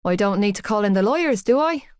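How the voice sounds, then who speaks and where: A cocky young rugby star, calm and teasing, with a low-key, unhurried delivery, as a woman reads him in an audiobook. The voice sits close and dry. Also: clean tone, no echo, close to an everyday voice. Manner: easy, teasing and cool. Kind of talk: audiobook character voice.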